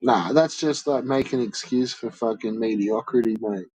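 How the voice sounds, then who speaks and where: A man's voice: medium pitch, normal speed, a little mellow, slightly rough, dry recording, poor audio. A man streaming and ranting to his chat in a blunt, profane, swear-filled way. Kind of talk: casual rant to chat.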